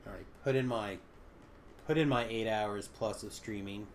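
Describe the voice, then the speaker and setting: A man's voice: lowish voice, moderate pace, a little hiss or hum. A man streaming a game, chatting casually and rambling a little, poking fun at himself. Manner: rambling, self-deprecating. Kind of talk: casual gameplay chat.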